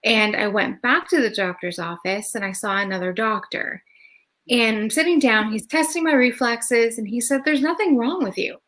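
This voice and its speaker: A woman's voice: fairly high pitch, moderate pace, bright, forceful tone, rough recording. A middle-aged woman hosting a live talk show, casually telling her own story and acting out the dialogue with lots of "like"s. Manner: chatty, retells dialogue with many "like"s.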